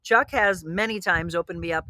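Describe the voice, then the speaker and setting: A woman's voice: lowish voice, normal speed. A woman hosting a wine chat show, talking casually and telling stories with animation. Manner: chatty, animated storyteller. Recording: noisy home recording.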